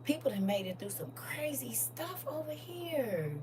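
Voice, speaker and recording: A woman who founded a school, speaking to a live audience, moving from hushed talk to emotional shouts and close to tears. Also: on the high side, animated, normal speed, few pauses, husky, poor audio. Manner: emphatic, swinging from hushed to shouting. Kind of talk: live testimony address to an audience.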